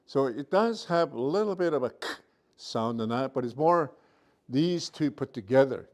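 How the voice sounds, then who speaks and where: A man teaching a virtual language class, sounding out letters slowly, repeating each sound and checking in with his students often. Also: medium pitch, animated, darkish tone. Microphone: computer mic on a video call.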